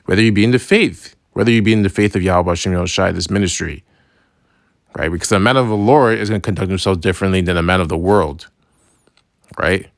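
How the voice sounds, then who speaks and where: Low-voiced man giving a casual Bible lesson. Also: quick pace, no room sound, studio quality. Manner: conversational, keeps asking "right?"; slangy, loose phrasing with restarts. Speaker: religious teacher.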